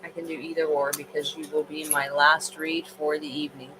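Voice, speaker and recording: A woman's voice: sits low, level tone, fairly quick, background noise. Tired, chatty woman reading tarot. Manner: rambling, chatty, with fillers. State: tired, late at night. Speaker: tarot card reader. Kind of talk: casual livestream card reading.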